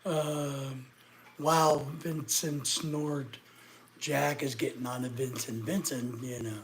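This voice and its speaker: A man's voice: mid-range voice, fairly even intonation, slow pace, a little hiss or hum. A middle-aged man from Arkansas, chatting casually with viewers on a livestream and teasing them sarcastically. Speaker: livestreamer answering chat.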